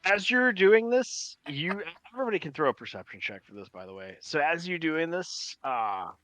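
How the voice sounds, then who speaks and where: Bright-voiced male game master. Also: a little high, big pitch swings, moderate pace, dry recording. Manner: rambling, filler-heavy narration. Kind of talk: narrating a tabletop game.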